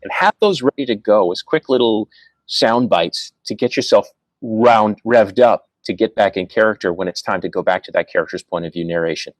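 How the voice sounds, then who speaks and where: A man who narrates audiobooks, explaining his process on a podcast in a measured, explanatory way. His voice is fairly low, and the sound is dry with no room echo. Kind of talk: casual podcast chat.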